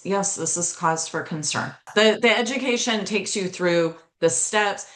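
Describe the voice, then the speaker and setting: With a roomy echo around her, a middle-aged woman talks earnestly in an interview as a mental health educator, telling personal stories and picking up speed on key points. Her voice is lowish with a fairly bright tone.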